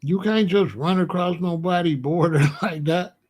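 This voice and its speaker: A man hosting a casual live stream, talking in an animated way, repeating his points, laughing and addressing viewers by name. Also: high-pitched, moderate pace. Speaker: host of a live call-in show.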